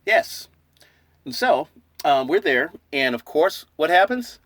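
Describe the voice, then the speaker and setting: Animated man telling a jokey story. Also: on the high side, slow, no room sound. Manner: jokey, animated, acts out lines of dialogue with laughs. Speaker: silver stacking channel host. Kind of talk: casual storytelling vlog.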